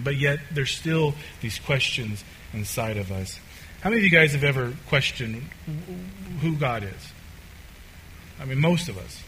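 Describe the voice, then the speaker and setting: A man's voice: medium pitch, animated, measured pace, bright, forceful tone, slight background noise, poor audio. A man preaching a sermon in a casual, conversational way, with many fillers and restarts.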